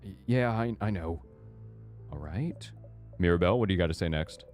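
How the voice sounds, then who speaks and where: A man's voice: sits low, normal speed, long pauses, darkish tone, soft background music. A man streaming a game, chatting casually with a joking, self-deprecating manner. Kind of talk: casual gaming stream commentary.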